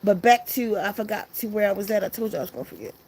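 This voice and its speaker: A woman's voice: medium pitch, fast, slight background noise. A woman casually telling a long story to her viewers, loose and profane, acting out the people in it. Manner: loose, profane, animated retelling with quoted voices.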